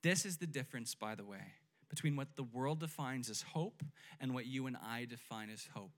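A man's voice: medium pitch, moderate pace. A young adult man preaching a sermon in a conversational way, often asking his listeners "right?" and leading them in call-and-response. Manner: leads congregation call-and-response. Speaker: pastor.

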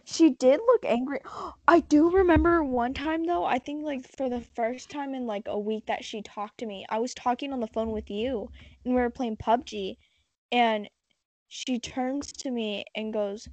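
A woman's voice: on the high side, moderate pace, no echo. A young woman chatting casually, laughing often, swearing and filling her talk with "like". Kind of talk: casual chat. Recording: dull, lo-fi sound.

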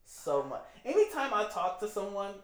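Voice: medium pitch, normal speed, reverberant. A podcast co-host from Michigan, chatting casually and swearing freely while giving strong opinions. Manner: profane, opinionated, animated. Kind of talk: casual chat.

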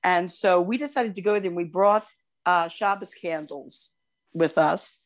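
An older woman co-hosting a podcast, telling long personal stories in casual chat, animated and quick to gush. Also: lowish voice. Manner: animated storyteller, gushing over cute animals. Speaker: podcast co-host.

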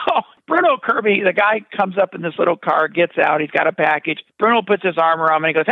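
A man's voice: sits high, a little fast, vocal fry, hardly any pauses, dry recording. An older man, a film director, telling a story in an interview and acting out the other people's voices as he goes. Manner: animated, acts out voices in his anecdotes. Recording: tinny phone-like dry sound.

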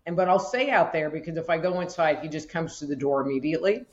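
A woman guest on a podcast who explains her practice in a relaxed way, using everyday examples. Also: low-pitched, quick pace, muffled recording. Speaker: guest, energy healer. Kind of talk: casual interview chat.

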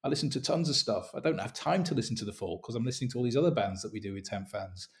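A man co-hosting a casual podcast, talking in an earnest, reflective, slightly halting way. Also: medium pitch. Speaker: podcast co-host.

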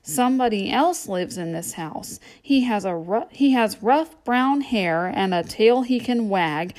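A woman's voice: medium pitch, expressive, measured pace, a little mellow. A woman reading a children's storybook aloud as a playful guessing game.

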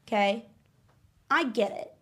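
A woman's voice: a little high, slow pace. A woman guest in a casual chat, telling stories in a playful, brash way. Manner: animated storyteller, playful and brash.

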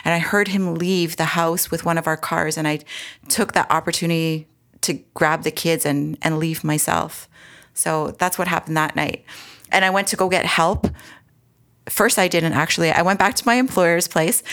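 A woman's voice: lowish voice, fairly even intonation, moderate pace, a bit bright. A woman, earnestly telling her own story as an interview guest, with frequent restarts and asides. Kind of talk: personal storytelling in conversation.

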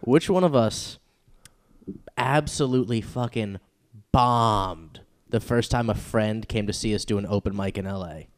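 A man's voice: fairly low pitch, unhurried. A man co-hosting a podcast, a stand-up comic reading quiz questions playfully and casually.

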